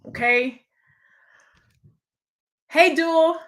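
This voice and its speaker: A woman with a slight lisp hosts a live-streamed motivational talk, speaking candidly and reading viewer comments aloud. Her voice is a little high and a bit bright, expressive, at a moderate pace.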